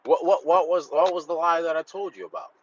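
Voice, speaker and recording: A man calling into a show, arguing in a halting, stammering way and formally calling the host "sir". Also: on the high side, fairly even intonation, slightly rough. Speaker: caller. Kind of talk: heated call-in argument. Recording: dull call-in line with faint noise.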